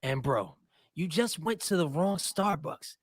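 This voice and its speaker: A man's voice: fairly high pitch, animated, measured pace, over music. A man co-hosting a commentary show, giving blunt, opinionated takes. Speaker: co-host. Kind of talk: casual commentary.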